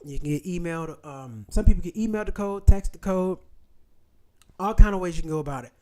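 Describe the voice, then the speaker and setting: A man with a high voice hosts a casual livestream for his channel, talking fairly quickly. He is blunt and heavily profane, telling stories in an animated way.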